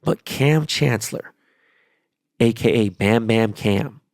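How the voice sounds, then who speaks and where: A man's voice: medium pitch, slow, a little mellow, no echo, studio quality. A man hosting his own podcast, talking alone in a rambling, profane and emphatic way about movies, shows and football. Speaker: podcast host. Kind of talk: casual solo podcast monologue.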